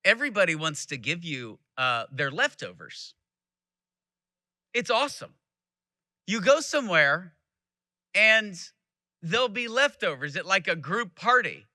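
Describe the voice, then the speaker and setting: A man's voice: high-pitched, sing-song, a little slow, pauses often, bright, forceful tone, dry recording. A man in his thirties from Texas giving a keynote speech, telling family stories and acting out quotes. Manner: storytelling with acted-out quotes. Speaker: keynote speaker. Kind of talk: speech to a live audience.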